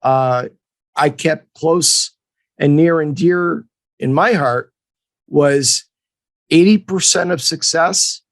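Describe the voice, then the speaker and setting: A man in his fifties from Montreal, co-hosting a podcast and telling a casual story in an animated way, acting out the people in it. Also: fairly high pitch, takes it slowly, long pauses, no room sound. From Montreal, Canada. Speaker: podcast co-host and hockey agent.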